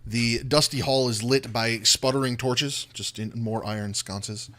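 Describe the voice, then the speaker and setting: A man running a tabletop role-playing game as dungeon master, setting scenes with slow, descriptive narration. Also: mid-range voice, steady tone, a bit bright.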